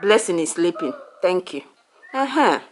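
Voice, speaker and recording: A woman's voice: on the low side, very animated, normal speed, slight background noise. A Nigerian woman vlogging casually at home as a mother, laughing often and cooing in baby talk. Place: family home indoors.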